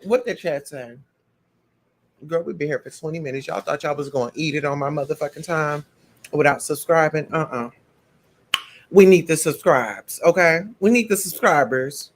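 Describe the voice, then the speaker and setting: A man hosting a casual live stream, reading the chat and talking straight to his viewers in a loud, sassy way, eating and sipping as he goes. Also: fairly high pitch, expressive, moderate pace. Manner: eats and sips while talking. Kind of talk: casual livestream commentary.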